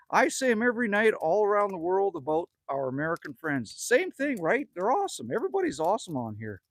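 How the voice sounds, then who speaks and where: A man's voice: sits high, no room sound. A man from Manitoba, Canada, chatting casually on a livestream from a cabin, rambling, joking and reading chat messages aloud. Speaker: livestream host. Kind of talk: casual live-stream chat. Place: indoors at a cabin with a wood stove.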